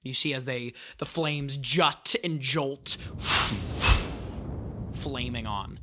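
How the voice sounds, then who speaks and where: A game master narrating a tabletop game scene in a measured, descriptive way. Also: medium pitch, noisy background.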